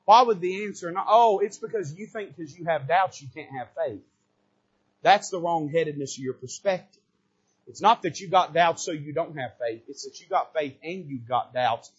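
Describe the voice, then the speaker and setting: Man, pastor, sermon, husky voice, high-pitched, big swings in loudness, muffled lo-fi church recording. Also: normal speed. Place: church sanctuary.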